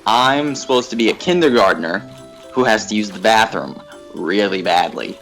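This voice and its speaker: A young man on a gaming livestream, telling a rambling, animated story and laughing at it. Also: lowish voice, moderate pace, vocal fry, faint music behind, poor audio. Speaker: gaming streamer. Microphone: desk mic at a facecam setup.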